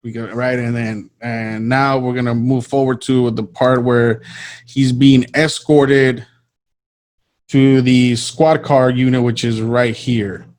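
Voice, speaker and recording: A man's voice: medium pitch, little pitch movement, slow, darkish tone. A man co-hosting a talk show, hesitant and full of ums and restarts as he walks through footage on screen. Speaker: podcast co-host. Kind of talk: casual commentary over a screen share.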